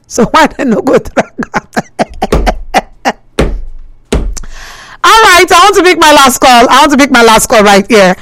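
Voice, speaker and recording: A Nigerian woman hosting a radio phone-in, talking in Pidgin and English, animated and preachy, repeating phrases for emphasis. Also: high-pitched, fast, few pauses, low-quality recording.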